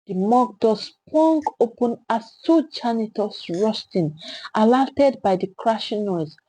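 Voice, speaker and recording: Dramatic woman storyteller, high voice. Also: warm tone, slightly rough, no room sound, rough recording. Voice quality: emphatic, dramatic.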